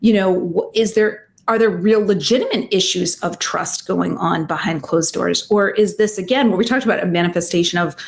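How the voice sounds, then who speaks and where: A woman, a psychotherapist and relationship expert, giving advice in an interview, in an animated way, full of fillers and acted-out quotes. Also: fairly low pitch, normal speed, gravelly, hardly any pauses.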